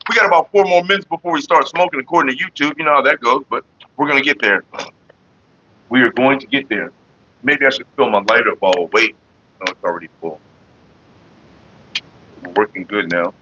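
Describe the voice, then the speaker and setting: A man's voice: medium pitch, moderate pace, pauses often, bright, forceful tone, a little hiss or hum. Profane, chatty man on a lo-fi stream. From California. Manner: loose, profane, storytelling, greets chat by name. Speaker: livestream host. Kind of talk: casual livestream chat.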